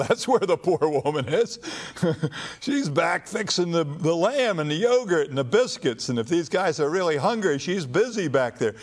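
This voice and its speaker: A man's voice: a little high, big pitch swings, normal speed. Conversational man preaching a sermon. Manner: conversational storytelling with fillers.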